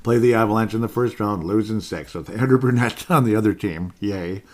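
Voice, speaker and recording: Low-voiced man ranting on a sports podcast. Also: brisk. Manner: rambling, repeats himself, excitable. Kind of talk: solo sports podcast rant.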